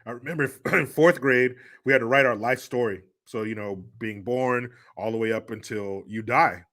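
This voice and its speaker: A man's voice: mid-range voice, normal speed, fairly bright tone. A man hosting a livestream, telling family stories in a joking, crude way and laughing often. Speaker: host. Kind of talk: casual livestream talk.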